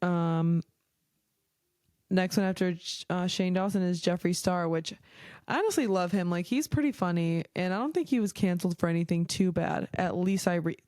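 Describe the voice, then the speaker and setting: A young woman hosting a solo podcast, chatting casually and rambling through tangents, swearing freely and filling pauses with "um" and "like". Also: on the low side, a little mellow, no echo, clean studio sound. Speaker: podcast host.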